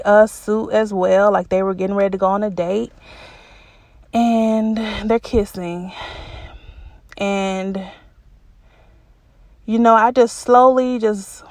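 Woman storyteller, gravelly low fry, unhurried delivery, candid casual chat with emotional repetitions. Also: no echo. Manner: colloquial, says y'all.

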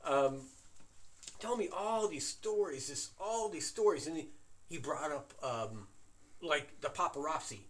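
Man, excitable storyteller, slightly high voice, swings widely in pitch, swears freely. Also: a little slow. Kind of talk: casual chat, anecdote telling.

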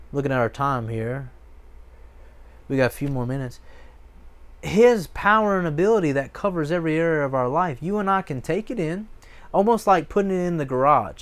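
A pastor preaching a sermon, his voice pitched somewhat high for a man. He talks in an emphatic, repetitive way, hammering phrases home and slipping into lively asides.

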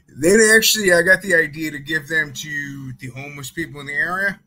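A man with a very bright, forward voice chats casually. He hedges and fills his sentences with "like" and "I mean". His delivery is loose and conversational. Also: fairly high pitch, brisk, few pauses, low-quality recording. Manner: chatty, hedging, many fillers. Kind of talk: casual chat.

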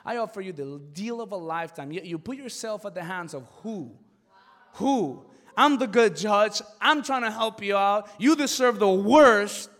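A pastor voicing a chiding God. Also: male voice, high voice, expressive, moderate pace, long reverb tail. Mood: stern. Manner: gently scolding, rhetorical questions. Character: God as a patient, chiding male judge.

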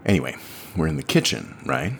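A man's voice: rumbling low, huge pitch swings, fairly quick, vocal fry, slight background noise, exaggerated voice. A young man playing a cheeky dream traveler, narrating in a wry, chatty way. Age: young adult. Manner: wry, conversational storytelling. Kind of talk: audio drama monologue narration.

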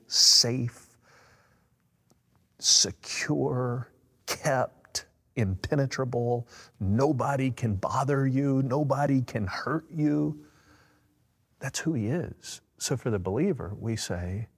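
A man's voice: mid-range voice, takes it slowly, slightly rough. A man answering in a preaching style, emphatic and fervent, rising on key words. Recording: long echo.

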